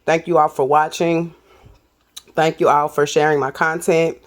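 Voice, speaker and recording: A woman's voice: sits low, flat delivery, unhurried. Chatty woman cooking vlogger. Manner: chatty, addresses viewers as y'all. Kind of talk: casual cooking vlog.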